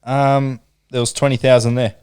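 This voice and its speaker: A man's voice: medium pitch, little pitch movement, normal speed, a little mellow, smooth. A young man hosting a casual podcast chat among mates, steering through the segments and swearing freely. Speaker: podcast host.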